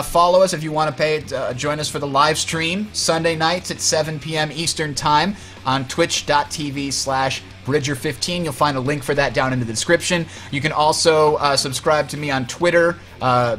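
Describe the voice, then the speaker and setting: Casting: young man, relaxed gaming-show host, slightly high voice, easy laughs. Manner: relaxed, laughs often, many uh fillers. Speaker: podcast and stream host. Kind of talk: casual gaming chat.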